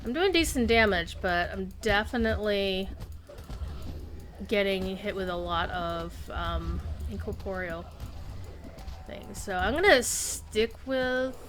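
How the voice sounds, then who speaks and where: A woman's voice: mid-range voice, takes it slowly, fairly bright tone, faint music behind. A woman streaming a game live, chatting loosely with viewers and rambling between tasks. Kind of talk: casual live-stream chat while gaming.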